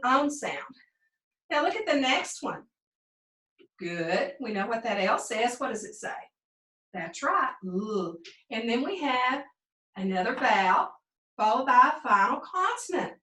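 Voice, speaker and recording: A woman teaching a second grade phonics lesson to children, slow and sing-song, stretching out the sounds. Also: sits high, pushed and bright. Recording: echoey room, a bit distant.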